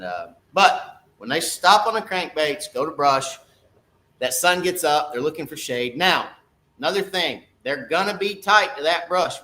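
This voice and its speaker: A man's voice: on the high side, pushed and bright. A middle-aged man, a fishing guide talking casually on a live stream, folksy and repeating "okay?" to his viewers.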